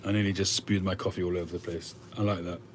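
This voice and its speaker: A man's voice: sits low, flat delivery, fast talker, a little hiss or hum. A man hosting a livestream, chatting casually and musing aloud with frequent hesitations as he answers viewer comments. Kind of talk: casual chat.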